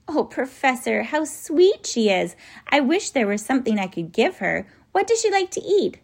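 A woman voicing a gentle, easily frightened little girl in a pleading way. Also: fairly high pitch, brisk, pitched above the performer's own voice, close to an everyday voice. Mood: delighted.

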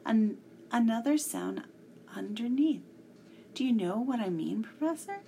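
A woman voicing an excited young boy explorer who talks in eager, urgent exclamations, reading a storybook aloud. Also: fairly high pitch, a little slow, vocal fry, a little hiss or hum. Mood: earnest.

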